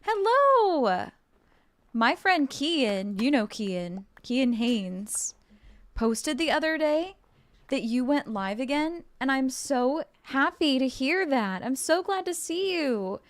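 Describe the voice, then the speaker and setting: A woman game streamer chatting casually with her viewers while playing, bubbly and excitable, playful and joking. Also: high-pitched, takes it slowly. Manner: bubbly and excitable, with gasps and giggles; playful, jokes and role-plays as a mermaid.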